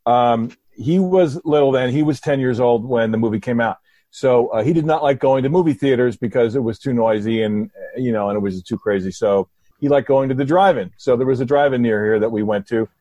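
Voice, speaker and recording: A middle-aged man, a comedy writer, telling an anecdote in a lively, halting way full of restarts over a video call. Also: medium pitch, no echo, muffled recording. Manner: animated, halting storyteller with many restarts. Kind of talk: casual storytelling.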